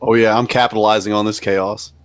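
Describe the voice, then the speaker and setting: A man's voice: on the low side, flat delivery, a little fast, smooth, dry recording, soft background music. A man playing in a tabletop game, trading brash, boastful banter. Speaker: player.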